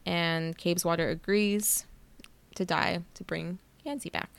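With a lowish, steady voice carrying some vocal fry, this book podcast co-host speaks a little slowly over a clean recording. She casually retells the book's plot, curses freely and laughs at how she reacts to it.

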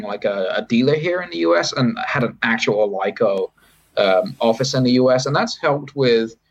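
Brief: low-voiced British man, husky, rambling interview guest, muffled podcast sound. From Britain. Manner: rambling, self-correcting, with wry asides. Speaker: sports federation chief executive, podcast guest. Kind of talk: casual interview talk. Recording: dull, lo-fi podcast audio.

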